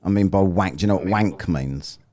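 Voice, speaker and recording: A man's voice: deep voice, brisk, a little mellow. A British man hosting a live online debate, sarcastic, mocking and blunt with the callers. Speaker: livestream host.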